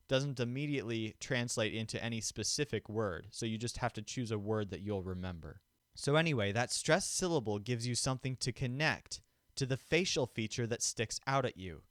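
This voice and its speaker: A man talks through a memory technique in a patient, step-by-step teaching voice. His pitch sits in the middle of the range. He is recorded close on a microphone in a dry room with no echo. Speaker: memory instructor. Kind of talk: instructional explanation. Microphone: studio microphone in front of him.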